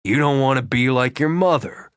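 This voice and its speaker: A man's voice: mid-range voice, normal speed, smooth, dry recording, studio quality, close to an everyday voice. A man voicing a brooding, hot-tempered young man in an audiobook, curt and bitter. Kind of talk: audiobook character voice.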